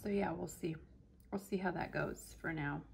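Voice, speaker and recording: A woman in her late forties talks to her viewers in a chatty, self-mocking way while she plans. Her voice sits a little low, and a faint hiss runs under the recording. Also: moderate pace, vocal fry, darkish tone. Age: 40s. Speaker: planner vlogger. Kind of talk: casual chat to camera while planning.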